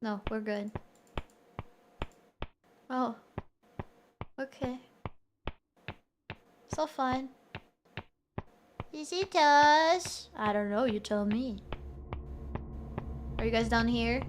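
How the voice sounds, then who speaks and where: A woman's voice: on the high side, drawn-out words, pauses often, slight background noise. A woman streamer giving casual, playful commentary while she plays a horror game and jokes with her chat. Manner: playful, jokey, talks to chat.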